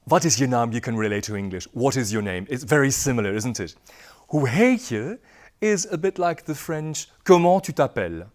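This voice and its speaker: A man teaching a lively language crash course, playful and laughing often, repeating words for the class to echo. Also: medium pitch, a little fast, hardly any pauses. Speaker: Dutch language instructor.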